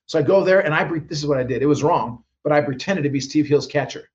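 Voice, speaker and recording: Male guest minister, rapid, slightly high voice, animated storyteller who acts out other voices, muffled lo-fi sound. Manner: acts out quoted voices, frequent restarts.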